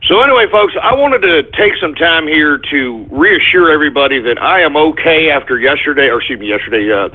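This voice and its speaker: A man with a high-pitched voice hosts a comic talk radio show over a thin, phone-like line. He rambles to his listeners and keeps snapping, exasperated, at people and pets off the air. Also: expressive, a little fast, few pauses. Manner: exasperated, scolding asides to an unseen crew and a dog. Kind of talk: comedic talk radio monologue. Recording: phone-like narrow-band audio.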